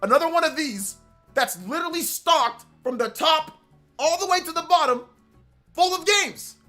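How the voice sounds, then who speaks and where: A man hosting a casual gaming live stream, excitable, repeating himself and laughing at himself as he talks. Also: extremely high pitch, moderate pace, soft background music.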